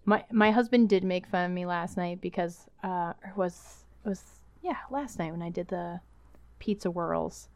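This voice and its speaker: A woman's voice: on the low side, normal speed, a little mellow, no echo. A woman chatting casually and laughing often between stories. Her voice is recorded close and dry, with no room sound around it. She talks in an easy, conversational way. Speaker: podcast co-host. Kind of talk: casual chat.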